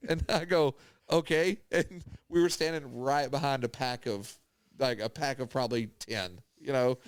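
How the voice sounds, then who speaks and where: A man's voice: medium pitch, moderate pace, clear, resonant tone, no echo. A young man telling stories in a casual podcast chat, laughing often as he talks. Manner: laughs often, animated storyteller. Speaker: podcast co-host.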